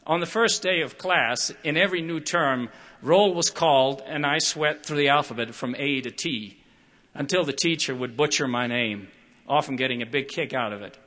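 An older man giving a prepared public talk, measured and expressive, acting out quoted voices as he tells stories. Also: medium pitch.

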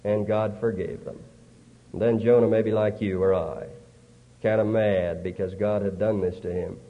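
Give me a man preaching in a slow, earnest storytelling sermon, heard as a tinny old recording. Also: fairly low pitch, fairly even intonation, big-room sound. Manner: slow, earnest retelling of scripture with dramatic pauses.

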